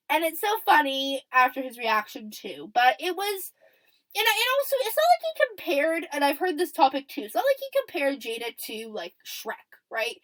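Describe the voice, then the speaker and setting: A woman's voice: sits high, fairly bright tone, rough recording. A young adult woman hosting a casual commentary podcast, chatty and checking in often with "okay?" while acting out what people said. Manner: acts out quoted lines and laughs. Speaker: podcast host.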